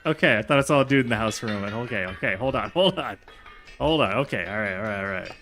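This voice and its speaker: A man's voice: on the low side, animated, fast, a bit bright, soft background music. A man streaming a survival game, chatting to himself in a jokey way and laughing often. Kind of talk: casual gameplay commentary.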